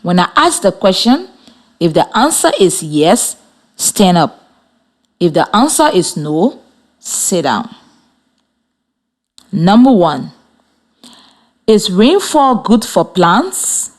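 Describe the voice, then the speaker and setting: A woman's voice: mid-range voice, big pitch swings, takes it slowly, pauses often. A woman teaching a radio classroom lesson, giving encouraging, step-by-step instructions.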